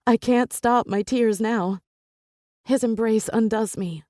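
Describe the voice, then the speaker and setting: A woman's voice: on the high side, slow, dark tone, dry recording, clean studio sound. A woman narrating a first-person romance audiobook with intense, emotional delivery.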